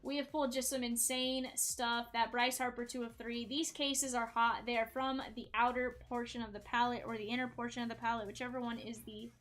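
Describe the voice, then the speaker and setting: A woman hosting a live card-break stream, hyping each card she pulls and shouting out viewers in the chat. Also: a little high, level tone, a little fast, hardly any pauses. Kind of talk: live-stream sales patter.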